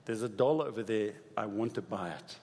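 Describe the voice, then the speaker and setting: Insistent little girl in a spoken parable, voiced by a man, low voice, long hall reverb. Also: normal speed, dark tone, natural voice. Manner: insistent, pleading. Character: poor little girl who finds treasure.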